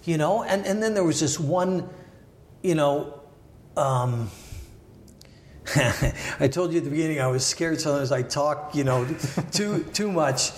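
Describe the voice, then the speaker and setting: An older man from Canada reflects at length as an interview guest, circling back on his points with restarts and careful hedges. His voice sits a little high for a man. The room around him rings with echo. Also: animated, unhurried, long pauses, slight background noise. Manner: thoughtful, hedging, many restarts and asides. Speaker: podcast guest, former Olympic wrestler and sports lawyer. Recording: roomy echoey room.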